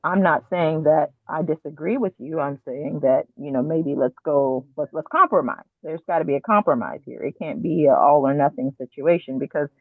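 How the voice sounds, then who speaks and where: Woman with a gravelly voice on a tinny phone line. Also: low-pitched, moderate pace, hardly any pauses, no echo. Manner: earnest, reflective, quotes herself with animated asides. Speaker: guest. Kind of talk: candid conversational storytelling.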